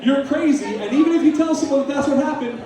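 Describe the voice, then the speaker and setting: A man's voice: very high-pitched, quick pace, a crowd in the background. A man voicing a smug, gaslighting teenage vampire boy in a dismissive, mock-cool way. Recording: echoey live room, from a distance.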